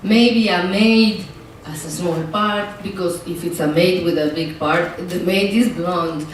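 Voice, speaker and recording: A middle-aged woman with a Mexican accent, telling stories in an interview with animated emotion, often laughing and repeating words as she speaks. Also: fairly low pitch, a little slow, a little hiss or hum. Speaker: actress interviewee. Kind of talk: candid interview storytelling. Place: film festival interview room. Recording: very echoey room, distant mic, faint ambience.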